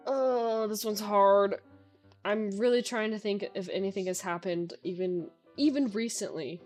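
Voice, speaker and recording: A young woman streamer chats through viewer questions, full of "um" and "like." She talks at an easy, unhurried pace and a middling pitch. Faint music plays underneath. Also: darkish tone. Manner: chatty, lots of filler words. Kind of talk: casual Q&A chat.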